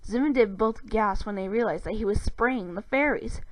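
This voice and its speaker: A woman's voice: mid-range voice, normal speed, no room sound, rough recording. A woman narrating a fan fiction story in a plain storybook manner. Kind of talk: reading fan fiction aloud.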